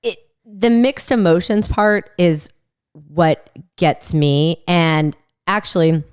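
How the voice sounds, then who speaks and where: A woman's voice: on the low side, takes it slowly, darkish tone, clean tone, no echo, clean studio sound. A young woman guest on a podcast, candidly telling personal stories with light laughter. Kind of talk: casual chat.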